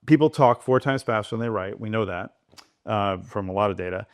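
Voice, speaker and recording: A man speaking as a podcast guest, animated and digressive, talking in quick bursts. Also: lowish voice, no echo, clean studio sound. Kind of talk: conversational interview.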